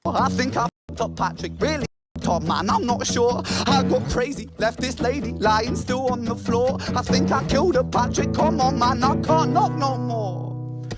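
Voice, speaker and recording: A man's voice: very high voice, normal speed. A man rapping as a desperate young man who begs his friend to let him in. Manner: pleading, frantic. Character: desperate young man Screech after a killing. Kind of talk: rapped song verse. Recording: song track over loud guitar.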